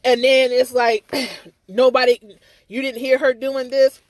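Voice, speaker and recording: A woman's voice: high-pitched, little pitch movement, a little slow, dry recording. A woman in a casual live-stream rant, agitated and rambling, repeating herself and swearing, with speech. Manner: swears freely, stammers on restarts. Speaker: livestreamer.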